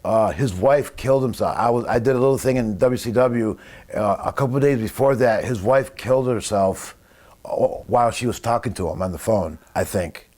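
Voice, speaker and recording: A man's voice: lowish voice, normal speed, a little mellow. A man casually telling rambling, profane anecdotes as a guest in a conversation. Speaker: wrestling guest recalling stories. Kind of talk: casual storytelling.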